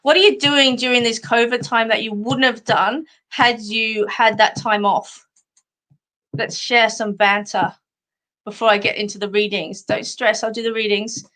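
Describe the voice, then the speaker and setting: A woman's voice: fairly high pitch, fairly even intonation, normal speed, a bit bright. A middle-aged Australian woman hosting a live stream, chatting casually and rambling through funny stories with frequent laughter. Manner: chatty, rambling storyteller who laughs often.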